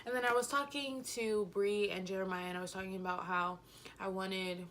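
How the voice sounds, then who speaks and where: A woman's voice: mid-range voice, fairly even intonation, brisk, a bit bright, a little hiss or hum. A young woman telling a rambling, giggly storytime about a concert, a little out of breath, full of fillers. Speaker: vlogger. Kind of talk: casual storytime chat.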